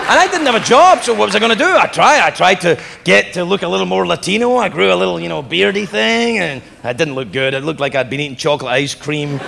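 An English man telling stand-up stories to a live audience, animated and slipping into loud put-on voices. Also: sits high, fast, gravelly, few pauses, heavy background noise. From England. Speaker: stand-up comedian. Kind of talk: stand-up storytelling. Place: large venue with live audience. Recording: echoey hall, crowd laughing.

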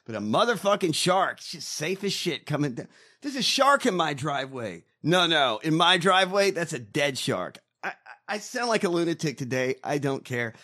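Profane, animated man ranting. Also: on the high side, normal speed. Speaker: co-host. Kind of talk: casual podcast banter.

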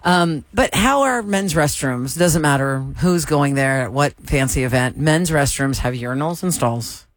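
Animated woman co-host telling stories. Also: deep voice, measured pace, few pauses, no echo. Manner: animated storyteller acting out quotes. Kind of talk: casual chat.

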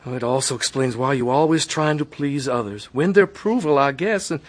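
An actor as a gentle, reassuring husband. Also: male voice, medium pitch, animated, brisk, natural voice. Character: caring, steady husband, man.

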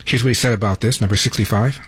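A man's voice: fairly low pitch, steady tone, quick pace, breathy edge, no echo. A man hosting a talk radio show from a studio, delivering an emphatic opinion monologue with sarcastic asides.

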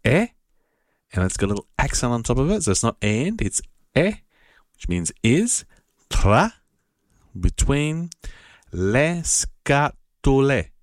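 A man giving a patient, casual spoken lesson, repeating words slowly and spelling them out. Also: medium pitch, sing-song, no echo, clean studio sound. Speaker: Italian language teacher.

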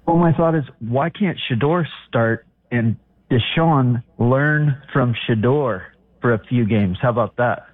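A man's voice: mid-range voice, unhurried, dry recording. A man calling into a radio show, rambling and hedging as he shares his opinion. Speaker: caller. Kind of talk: casual call-in radio banter. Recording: tinny dry phone line.

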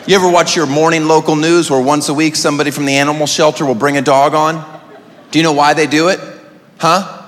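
A man's voice: a little high, flat delivery, fast, fairly bright tone, big-room sound. A man doing a stand-up routine in a sardonic way, full of rhetorical questions. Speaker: stand-up comedian.

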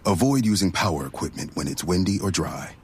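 A man voicing a wise forest bear in a public service ad, slow and solemn. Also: sits low, lively intonation, slight background noise. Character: Smokey Bear, deep-voiced wise forest bear.

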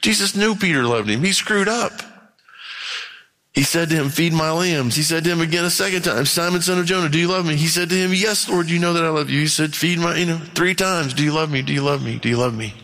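A pastor preaching a sermon in a conversational way, often growing impassioned. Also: male voice, a little high, a little fast, bright, forceful tone. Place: church. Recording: long reverb of a church hall.

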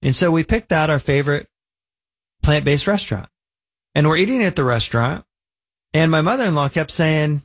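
A man hosting a weekend radio show, telling a story in a chatty, easygoing way. His voice is slightly husky and sits a little high for a man. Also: animated, normal speed, pauses often. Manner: chatty, storytelling, conversational asides. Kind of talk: casual radio talk.

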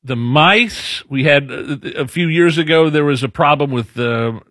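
A man's voice: on the high side, unhurried, sharp tone, no room sound, studio quality. A man hosting a talk radio show, chatty and telling stories with many restarts. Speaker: radio host. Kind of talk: casual radio show banter.

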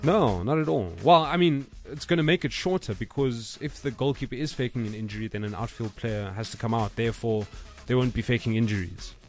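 A male sports presenter explains football rules calmly and plainly. His voice sits in a middle pitch, and his talk is casual. Soft music plays faintly behind him. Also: fairly quick, few pauses. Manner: explanatory, matter-of-fact. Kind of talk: casual radio chat.

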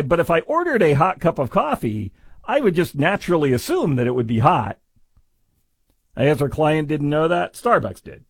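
Sarcastic man with a lively, dry voice. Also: a little high, dry recording. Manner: sarcastic, mocking, deadpan asides. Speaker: commentator. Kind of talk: sarcastic news commentary.

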